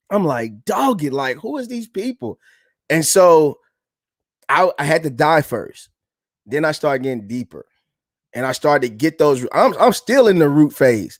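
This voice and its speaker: A man in his thirties shares a personal story on a podcast in a casual, earnest way. His voice sits somewhat high for a man, and he keeps coming back to "man" as he reflects. The sound is close and dry. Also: dry recording. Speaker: podcast co-host.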